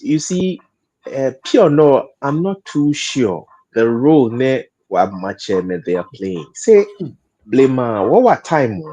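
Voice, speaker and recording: A man's voice: on the low side, a little mellow. Hesitant man on a panel. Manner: hesitant, repeats words, laughs often while talking. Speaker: panel guest. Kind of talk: studio panel discussion.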